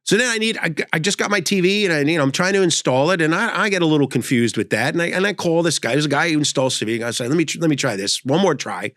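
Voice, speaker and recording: A man's voice: a little high, expressive, fast, few pauses, fairly bright tone, dry recording, clean studio sound. Older man telling rambling comic stories. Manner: rambling, self-interrupting storyteller. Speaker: comedy host. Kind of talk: storytelling comedy monologue.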